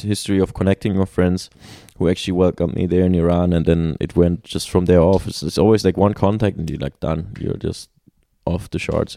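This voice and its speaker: Deep, dark-voiced man telling travel stories. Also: no room sound, studio quality. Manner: animated storyteller with many restarts and laughs. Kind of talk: casual conversation.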